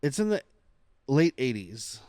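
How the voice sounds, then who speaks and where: A man's voice: mid-range voice, very animated, a little slow, darkish tone, no room sound, clean studio sound. A man hosting a casual film podcast, rambling through asides and laughing often. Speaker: podcast host.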